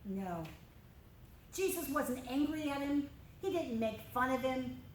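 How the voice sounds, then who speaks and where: High-voiced woman telling kids a Bible story. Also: measured pace, roomy sound, a little hiss or hum, low-quality recording. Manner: expressive, addresses children directly. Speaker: children's ministry teacher. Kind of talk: storytelling Bible lesson while drawing. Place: church room.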